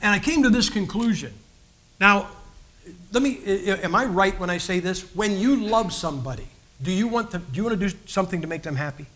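A man preaching his personal testimony from the pulpit, folksy and earnest, often stopping to restart a phrase. His voice sits high and sounds bright and forceful. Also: animated, brisk. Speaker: guest preacher.

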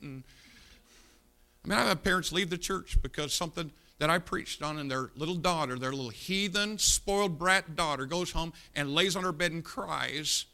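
With a creaky voice, a middle-aged pastor scolds his congregation bluntly in a fiery sermon, alternating between shouting and low asides inside a church auditorium.

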